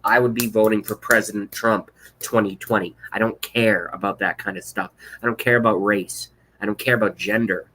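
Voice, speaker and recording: A man's voice: mid-range voice, a bit bright, husky. A man in his thirties ranting on a live stream, blunt, sarcastic and profane, reading out chat comments. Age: 30s. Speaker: political vlogger.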